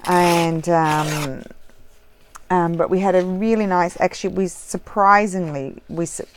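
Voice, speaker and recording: A woman's voice: on the low side, steady tone, unhurried, slight background noise. A woman vlogger talking casually through a crafting tutorial at home, rambling and often correcting herself mid-sentence. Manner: rambling, with many self-corrections and trailing asides.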